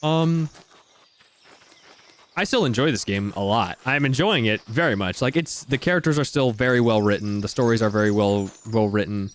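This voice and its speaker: A man's voice: mid-range voice, moderate pace. A man casually commenting on a game while he plays, rambling and searching for his words. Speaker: gameplay commentator. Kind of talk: casual let's-play commentary.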